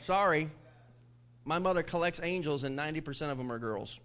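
Animated, high-voiced male pastor. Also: a little fast. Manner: animated storytelling with jokes and laughs. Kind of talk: sermon. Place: church.

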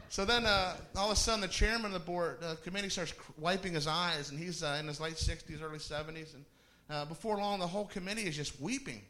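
A man's voice: a little high, fast talker, darkish tone. A middle-aged male pastor telling a personal story in a sermon, conversational, with laughing asides and restarts.

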